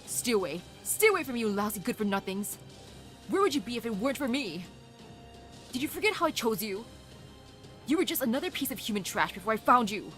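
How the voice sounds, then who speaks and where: A woman's voice: a little high, very animated, fairly quick, pauses often, a bit bright, faint music behind. A woman voicing a proud, dying male wolf-clan grand duke from a game, indignant and commanding. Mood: bitter. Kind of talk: reading game dialogue aloud.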